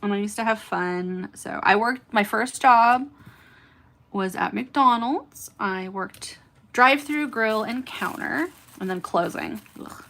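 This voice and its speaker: A woman's voice: a little high, slow, gravelly, pushed and bright, a little hiss or hum. Woman, 30s, California accent, faint Southern lilt, smiling and chatty while hosting a nail livestream. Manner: smiling, chatty, talks to live viewers by name. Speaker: nail art livestream host. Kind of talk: casual chat while doing nails.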